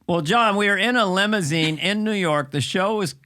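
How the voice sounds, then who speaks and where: A man's voice: high-pitched, moderate pace, sharp tone. A man hosting a podcast, chatting in a teasing, playful way. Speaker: podcast host. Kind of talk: casual comic chat.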